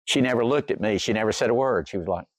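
A man's voice: lowish voice, fast talker, dry recording. An older man preaching a sermon, telling a humorous story in a folksy way. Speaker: pastor.

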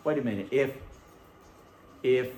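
A man preaching a sermon, telling a story in an animated, folksy way. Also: mid-range voice, unhurried, reverberant, a little hiss or hum. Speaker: pastor. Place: church sanctuary.

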